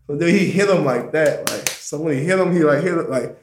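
A young man with a slightly high voice tells a story in casual chat. He rambles through it, profane and full of slang and fillers. He gets loud and laughs at the funny parts. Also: fairly quick, a little hiss or hum.

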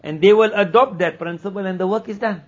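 A man giving a conversational sermon as a religious teacher, moving between plain explanation, acted-out dialogue and quick recitation of scripture passages. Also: high voice. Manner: conversational, acts out quoted dialogue. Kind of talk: sermon at a weekly gathering. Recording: dull lo-fi recording.

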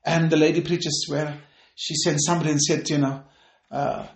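A man preaching a fervent podcast sermon and prayer, repeating phrases and rising to shouted peaks. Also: fairly high pitch, flat delivery, normal speed, vocal fry, reverberant.

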